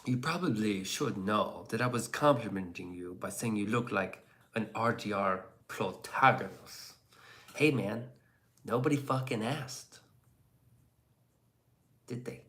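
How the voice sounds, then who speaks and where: A man's voice: lowish voice, a little slow, pauses often, a bit bright. Sarcastic man reading chat on stream. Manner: sarcastic, crude, dips into whispers and mock voices. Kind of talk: casual live stream chat.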